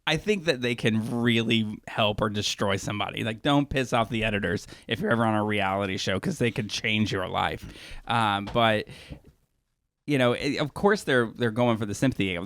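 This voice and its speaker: A man co-hosts a podcast in a loose, rambling chat, often stopping and restarting his thoughts. His voice sits at a middle pitch. The sound is dry and close, with no room echo. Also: fairly bright tone. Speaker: podcast co-host. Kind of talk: casual chat.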